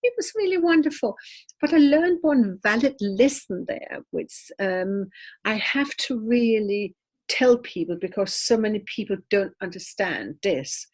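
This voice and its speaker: An older woman, a medium, telling animated stories with laughter in a conversational interview, her English slightly non-native in phrasing. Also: medium pitch, measured pace. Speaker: spiritual medium, guest.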